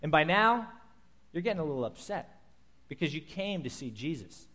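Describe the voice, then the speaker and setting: A man preaching a sermon, telling a scripture story in vivid, animated detail and acting out its scenes. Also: on the high side, moderate pace.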